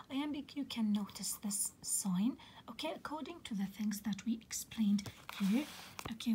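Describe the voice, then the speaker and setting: A woman teaching a literature lesson in a soft, half-whispered voice, patiently explaining and filling pauses with "okay". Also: a little high, slight background noise, rough recording. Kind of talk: recorded lecture on poetic meter.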